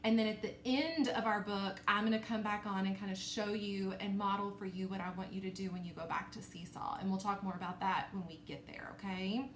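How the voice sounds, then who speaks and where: A woman's voice: medium pitch, steady tone. Woman teaching phonics, echoey room. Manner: slow, exaggerated sounding-out of words; encouraging, checks in with frequent okays. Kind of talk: recorded phonics lesson for young children. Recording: echoey room with faint noise.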